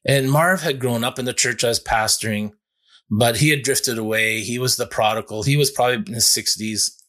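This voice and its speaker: A man's voice: mid-range voice, fairly quick, fairly bright tone. A male pastor preaching a sermon, telling a personal story in an earnest, conversational way with frequent restarts.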